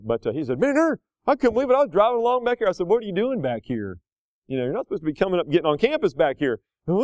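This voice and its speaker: A man's voice: on the high side, darkish tone, dry recording. A middle-aged male pastor preaching a sermon in a conversational way, drifting into homely anecdotes and back.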